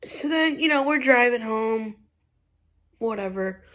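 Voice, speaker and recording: A woman's voice: a little high, animated, measured pace, a bit bright. A young woman vlogger casually telling a story to the camera, rambling with lots of "like" and "you know". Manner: rambling, full of "like" and "you know", retelling with feeling.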